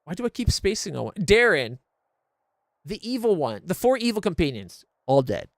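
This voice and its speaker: A man's voice: high-pitched, big pitch swings, normal speed, creaky, no room sound, clean studio sound. A man streaming a game blind, ranting in exasperated, profane casual commentary into a desk mic.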